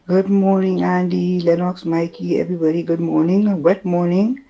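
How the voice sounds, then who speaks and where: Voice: mid-range voice, little pitch movement, moderate pace, vocal fry, dark tone. A caller with a Trinidadian accent, talking in a chatty, indignant way and often addressing the host by name. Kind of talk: call-in talk. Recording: dull lo-fi call-in line.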